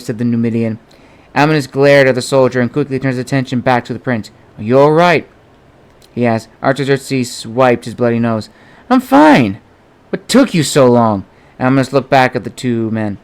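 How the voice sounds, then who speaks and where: His smooth, medium-pitched voice carries the audiobook narration of a novel he wrote himself. He reads at an even rhythm and lightly alters his voice for different characters.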